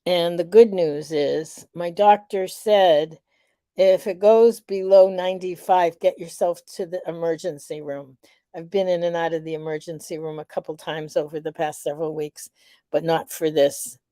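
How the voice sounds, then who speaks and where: A middle-aged woman hosting a live vlog, reflective and unhurried, a little out of breath. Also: on the low side, steady tone, no echo, studio quality. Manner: warm, reflective, unhurried with many fillers. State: slightly out of breath. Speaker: vlog host.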